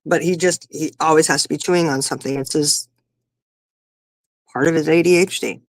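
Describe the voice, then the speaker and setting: A woman's voice: deep voice, steady tone, a little fast, no room sound. A woman in her fifties chatting casually, telling rambling stories about her kids. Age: 50s. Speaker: podcast guest or co-host. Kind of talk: casual chat.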